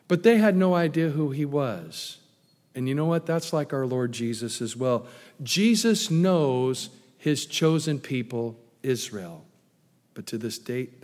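A pastor preaching a sermon, animated, loudly acting out the lines he quotes. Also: medium pitch. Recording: long hall reverb.

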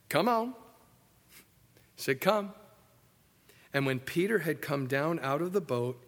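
Emphatic man preaching a sermon. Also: a little high. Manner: emphatic, wide swings between loud and soft. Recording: echoey hall.

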